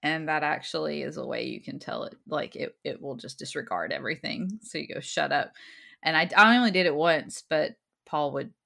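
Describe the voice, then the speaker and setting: A woman co-hosts a podcast in relaxed, easygoing chat, often breaking into laughter. Her voice sits low and carries plenty of gravelly fry. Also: brisk, few pauses. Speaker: podcast co-host. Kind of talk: casual chat.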